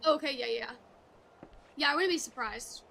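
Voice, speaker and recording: A woman giving live gaming stream commentary with excitable, laughing exclamations. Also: high-pitched, normal speed, gravelly, soft background music.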